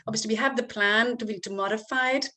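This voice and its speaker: A woman giving calm, step-by-step parenting advice as a coach, sometimes acting out what to say to a child. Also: on the high side, fast. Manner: calm, explains step by step and acts out example phrases to a child.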